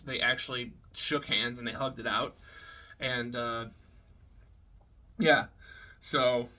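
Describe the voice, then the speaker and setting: A man giving a casual, rambling spoken review, heavy on swearing, fillers and quick laughs. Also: medium pitch, bright, forceful tone. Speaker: wrestling reviewer.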